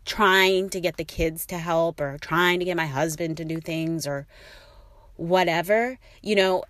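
A woman's voice: on the low side, measured pace, a bit bright, dry recording. A middle-aged woman talking casually to her listeners, rambling and encouraging with many fillers. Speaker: host.

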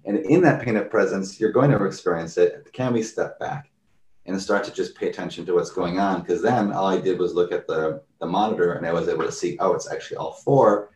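A deep-voiced man talks briskly in casual conversation about mindfulness, sharing everyday anecdotes and playing out people's reactions with animation. The sound is roomy, picked up from a distance.

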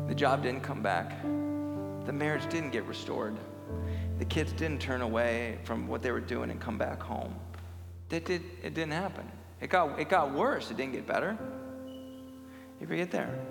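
Man, pastor, sermon, impassioned, gravelly, echoey church hall. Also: medium pitch. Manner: impassioned, swings from loud to hushed. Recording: echoey hall with faint music.

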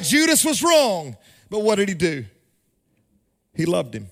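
A man with a strikingly high voice preaches a sermon from the pulpit. His delivery has a musical, sing-song lilt that swells into shouted emphasis and drops low again. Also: very animated, normal speed, long pauses. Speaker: pastor. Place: church sanctuary.

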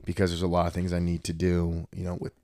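A man's voice: deep voice, fast, no room sound, clean studio sound. A man in his thirties, a podcast host, chatting casually and bluntly, telling stories and acting out other people's voices. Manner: blunt, animated storyteller doing voices of others.

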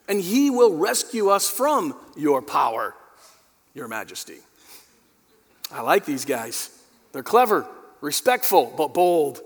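High-voiced man preaching in a reverberant hall. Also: very animated, slow, pauses often, husky. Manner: dynamic preaching, rising to emphatic peaks and dropping low; addresses the congregation directly. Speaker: pastor. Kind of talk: sermon.

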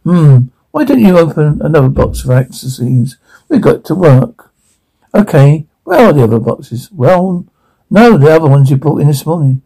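A man with a gravelly voice delivering sitcom dialogue in halting bursts full of restarts. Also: a little high, very animated, mellow, rough recording.

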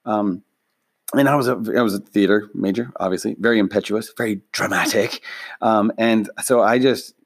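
A man's voice: lowish voice, normal speed. A man from Minnesota with a Minnesotan accent, hosting a podcast from home late at night and telling rambling, self-deprecating stories. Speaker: podcast host. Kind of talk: casual storytelling monologue.

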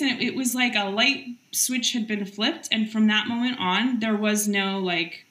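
A woman's voice: mid-range voice, echoey room, slight background noise. A middle-aged woman entrepreneur, a guest in a casual interview, talking energetically with lots of "like" fillers. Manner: energetic, quick, heavy use of "like" fillers.

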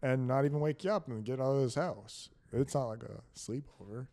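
A man co-hosting a casual podcast chat, self-conscious and teasing, quick to laugh. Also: medium pitch, gravelly, warm tone. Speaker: podcast co-host.

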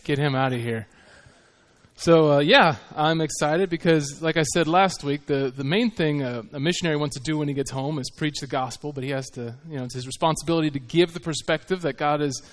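A man, a missionary, giving an earnest, conversational sermon with halting restarts. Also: on the high side. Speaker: missionary preacher.

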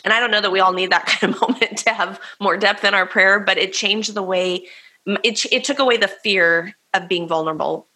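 A woman on a faith podcast speaks with a bright, crisp tone at a middle pitch. She tells her story earnestly and casually, often poking fun at herself. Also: fairly quick. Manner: earnest storytelling, self-deprecating. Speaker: podcast co-host.

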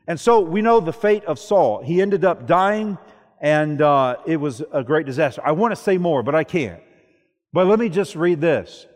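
A man's voice: fairly high pitch, expressive, a little slow, big-room sound. A man preaching a sermon, often asking the congregation questions and then answering them himself.

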